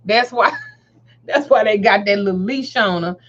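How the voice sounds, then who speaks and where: A woman's voice: mid-range voice, unhurried. A woman telling a profane story in casual chat, laughing often and acting out what people said. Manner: profane, animated storyteller who laughs often and acts out quotes. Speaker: host. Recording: dull lo-fi sound.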